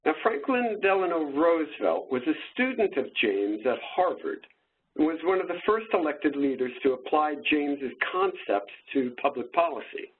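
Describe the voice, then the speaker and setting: A man's voice: fairly high pitch, sing-song, normal speed, slightly rough. A man co-hosting a training webinar, joking and bantering with his co-host, over tinny phone-like audio. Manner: jokey, playful banter. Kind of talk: casual webinar presentation.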